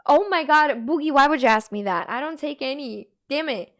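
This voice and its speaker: A young Bulgarian woman streams live, speaking to her chat in a halting, earnest, emotional manner. Her voice is high-pitched and animated, with a fairly bright tone.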